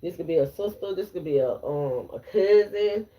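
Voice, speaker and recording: A woman's voice: lowish voice, expressive, normal speed, warm tone. Blunt woman giving a live tarot reading. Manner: blunt, repetitive, addresses viewers as y'all. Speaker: tarot reader.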